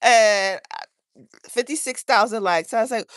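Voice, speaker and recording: A woman's voice: on the high side, animated, normal speed, no echo, clean studio sound. A woman chatting casually on a livestream, rambling and earnest as she talks to viewers from her garden outdoors. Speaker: livestream host.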